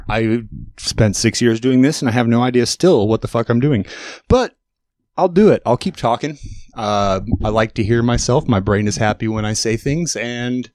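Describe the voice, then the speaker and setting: A man in his late thirties hosting a podcast, telling rambling self-mocking stories with sudden jumps in pitch. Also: a little slow, pauses often, darkish tone, no echo, clean studio sound. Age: 30s. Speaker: podcast host. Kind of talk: casual chat. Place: studio.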